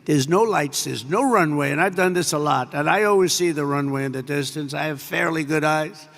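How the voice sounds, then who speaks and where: A man's voice: a little high, brisk, a bit bright. An older man giving an off-the-cuff speech full of rambling, digressive anecdotes and repeated superlatives. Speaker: public speaker. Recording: echoey large hall.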